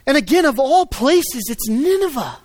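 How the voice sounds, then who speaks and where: A man preaching a sermon, swinging between loud emphatic stresses and low quiet asides. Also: very animated, moderate pace, dry recording. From United States. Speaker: pastor.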